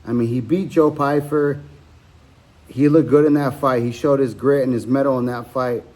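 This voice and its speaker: A man's voice: medium pitch, steady tone, moderate pace, darkish tone. A man hosting a podcast, casually talking through fight betting picks, rambling with frequent ums and self-corrections. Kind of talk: casual solo betting breakdown.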